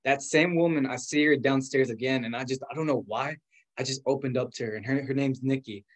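Young man in his twenties, chatty storyteller, fast and animated, filler-heavy, mid-pitched. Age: 20s. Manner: animated, quick, full of "like" fillers, acts out quoted voices. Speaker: guest. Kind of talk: casual storytelling.

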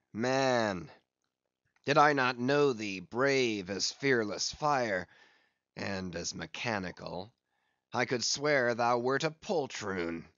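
A man playing a grim, obsessed old sea captain in a storybook reading, declaiming his lines and barking orders to his crew. He speaks at an unhurried, deliberate pace in a mid-range voice, heard close and dry with no room around him. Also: on the low side, fairly bright tone, no room sound, lo-fi sound, full character voice. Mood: scornful.

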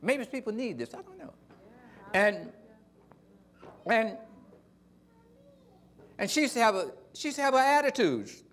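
An older man preaching a sermon, emphatic with sudden loud rises, telling stories in casual folksy phrasing. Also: very high-pitched, sing-song, measured pace, long pauses. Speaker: pastor.

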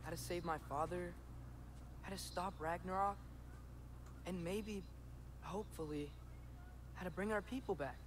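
An eager, hopeful teenage boy speaks earnestly. His voice sits a little high. It comes through as game audio with clear noise behind it. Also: a little slow, pauses often.

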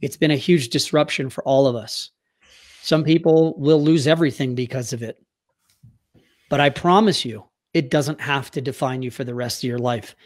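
A man's voice: medium pitch, normal speed. Earnest middle-aged American man. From United States. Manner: earnest, heartfelt, at times choked up. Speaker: guest; youth hockey coach. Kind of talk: emotional personal storytelling.

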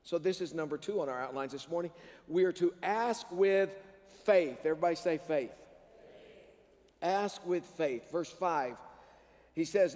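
A man's voice: a little high, measured pace, darkish tone. A male pastor preaching a sermon in a large church sanctuary. He preaches with animation and prompts the congregation to answer back. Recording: long reverb of a church hall.

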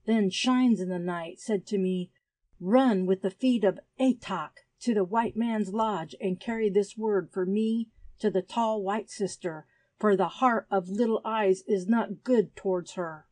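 For an audiobook, a woman voices an earnest young native boy who talks in solemn, formal storyteller phrases. Her mid-range voice is unhurried and dark in tone, close to her everyday voice, with no room sound.

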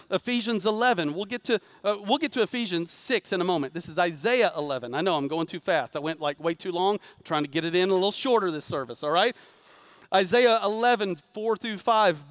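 A man's voice, pitched high for a man, preaches to a live congregation in a church. He swings from rising, urgent calls for amens down to low, hushed emphasis. The sound is close and dry, with little room in it. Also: dry recording. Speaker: pastor. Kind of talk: sermon. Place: church sanctuary before a congregation.

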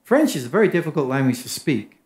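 An English-accented man preaches an evening sermon, his voice sitting high. He leans emphatic, climbing higher when he voices the crowd. The sound rings around a roomy church hall. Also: big pitch swings, fast, a little mellow. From England. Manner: emphatic, rises in pitch for quoted crowds. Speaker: pastor. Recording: echoey church room.

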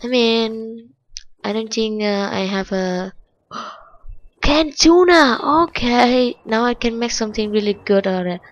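A woman with a Vietnamese accent, Vietnamese her first language, doing let's-play game commentary in simple non-native English, moving from low muttering to high excited shrieks. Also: unhurried, dull audio. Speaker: gaming channel host.

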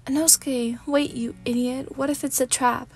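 A woman's voice: high voice, fairly even intonation, moderate pace, slightly rough. A woman reading a sleepy story aloud, voicing a level-headed young demon-slaying companion who scolds and cares. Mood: urgent. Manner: sensible, scolding, gently caring.

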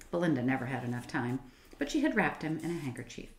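A woman reading a children's book aloud as a storyteller, expressive and gently paced. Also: a bass voice, fast talker. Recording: roomy echo.

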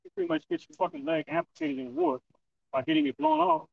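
A man preaching in the street, halting with many restarts and profanity. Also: very high voice, steady tone, vocal fry. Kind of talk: street preaching, reading scripture. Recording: distant lo-fi outdoor recording.

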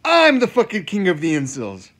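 A male comedian doing a profane stand-up rant, repeating lines and swinging from loud outbursts to low mutters. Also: wildly swooping pitch, normal speed.

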